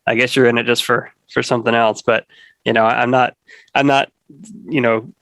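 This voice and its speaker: Halting, rambling man in a dry room. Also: mid-range voice, level tone, creaky, a bit bright, no echo. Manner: rambling, many restarts and fillers. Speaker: podcast guest. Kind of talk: casual conversation.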